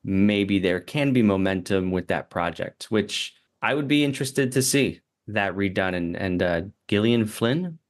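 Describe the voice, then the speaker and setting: A man's voice: low-pitched, moderate pace, few pauses. Polite, hesitant man guest on a podcast. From Orlando, Florida. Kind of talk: casual chat.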